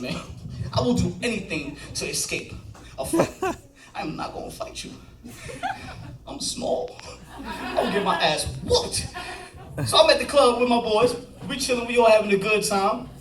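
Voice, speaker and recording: A high-voiced man tells a stand-up story in a lively, swooping way, acting out the voices of the people in it. He is picked up from a distance in a roomy club, and loud crowd laughter answers him. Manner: animated storytelling with acted-out voices. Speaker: stand-up comedian. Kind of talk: stand-up set. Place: comedy club stage with audience laughter.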